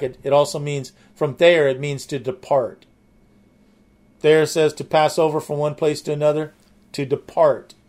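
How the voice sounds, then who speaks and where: A man's voice: a little high, darkish tone. A man preaching a sermon, explaining the meanings of words with enthusiasm and frequent restarts. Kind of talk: sermon teaching.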